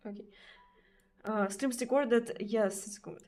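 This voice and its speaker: A woman with a Russian accent, a native Russian speaker, chatting casually with viewers on a live stream. She hesitates often, repeating words and filling pauses. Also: medium pitch, expressive, darkish tone. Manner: hesitant, many fillers and repeated words, frequent laughs.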